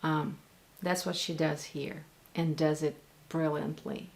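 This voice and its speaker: A woman with a Russian accent talks through a pronunciation lesson in a fairly low voice. She speaks slowly and deliberately, repeating single sounds and words to demonstrate them. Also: little pitch movement, creaky. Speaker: Russian language and accent teacher.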